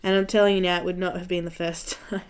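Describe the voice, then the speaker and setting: Smooth-voiced Australian woman telling a story. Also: lowish voice, flat delivery, fast talker. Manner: chatty storyteller, laughs often. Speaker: coloring channel host. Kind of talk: casual live-stream chat while coloring.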